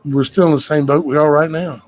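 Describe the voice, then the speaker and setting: Man host, folksy and meandering, pitched a bit high. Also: steady tone, a little fast, rough recording. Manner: rambling, conversational, folksy with "y'all guys". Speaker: show host. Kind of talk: casual talk to viewers.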